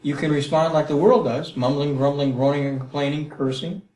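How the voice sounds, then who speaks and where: Animated male Bible teacher. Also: fairly high pitch, a little fast. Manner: animated, acts out prayers, frequent "Okay?" and "Right?". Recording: roomy echo.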